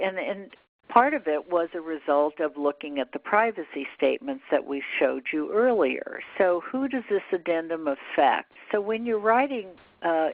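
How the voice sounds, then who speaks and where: A woman's voice: on the low side, dry recording. Older woman lecturing over a tinny line. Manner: explanatory, walks through slide examples. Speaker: plain language consultant giving a presentation. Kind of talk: lecture presentation. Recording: dry, tinny phone-like sound.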